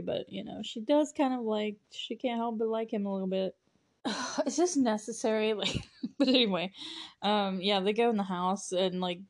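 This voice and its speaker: Young woman rambling thru a movie recap, laughing, kinda sarcastic, mid pitch. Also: darkish tone. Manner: chatty, laughs often, sarcastic asides. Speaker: podcast host.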